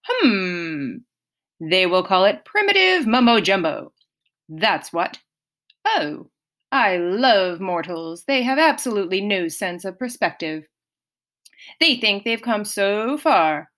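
A woman's voice: mid-range voice, sing-song, slow pace, a bit bright. Woman voicing a scoffing pompous camp director. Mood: scornful. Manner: scoffing, condescending. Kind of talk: audiobook reading.

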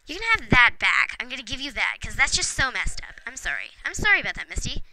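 A woman with a rather high, sing-song voice talks quickly while casually commenting on a game at home, chatting to the characters and chuckling a lot. She's a let's play gamer, and the recording has noticeable background noise with clicks.

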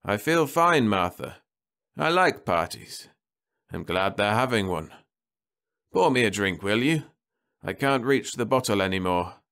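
A man's voice: fairly low pitch, expressive, unhurried, long pauses, a bit bright. A man voicing a stubborn dying old spaceman who talks with sardonic defiance from his bed. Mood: insistent.

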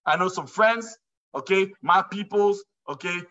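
High bright guy doing a jokey live sales pitch, far off mic, kinda muffled lo-fi sound. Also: measured pace. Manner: playful, joking, quotes imagined listeners. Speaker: host of a live sales presentation. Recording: distant, dull lo-fi sound.

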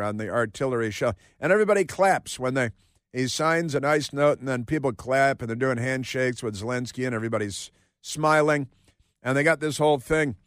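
A man's voice: medium pitch, dry recording. A man hosting a talk radio show, delivering a sarcastic, rambling opinion monologue in a studio. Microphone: studio microphone.

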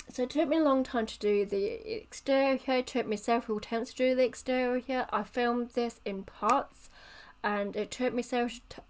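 A woman telling a rambling, playful story in a casual voiceover for her channel. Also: on the high side. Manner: rambling, playful, self-correcting. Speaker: channel creator.

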